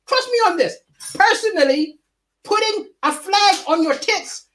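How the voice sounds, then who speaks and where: This man delivers a stand-up monologue over a livestream from his home, speaking fairly quickly. His delivery is animated, swinging widely in pitch, and he chuckles between bits.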